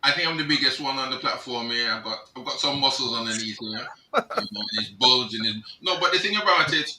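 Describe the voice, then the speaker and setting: A middle-aged man, a reverend, speaking as a panellist on a video call, reflective and halting. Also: mid-range voice, animated, bright, forceful tone, a little hiss or hum. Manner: reflective, halting, with restarts and a chuckle. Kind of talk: panel discussion. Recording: roomy, distant from the mic.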